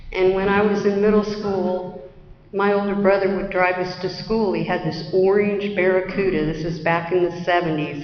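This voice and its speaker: A middle-aged woman sharing her recovery story at a conference, candid and self-deprecating. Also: on the low side. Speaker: AA speaker. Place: conference hall. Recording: roomy, dull conference hall recording.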